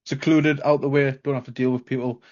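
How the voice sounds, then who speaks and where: Chatty British interviewer, lo-fi sound. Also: male voice, medium pitch, level tone, a little fast, a little mellow. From United Kingdom. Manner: friendly, chatty, laughs along. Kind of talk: casual interview chat.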